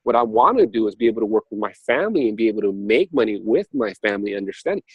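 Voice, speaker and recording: A man's voice: racing, husky, no room sound, narrow, tinny audio. A man in casual spiritual talk, telling his story conversationally with many fillers and restarts, his voice jumping up sharply when he gets worked up. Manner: animated storytelling with sudden jumps up in pitch. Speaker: speaker on a spiritual talk show.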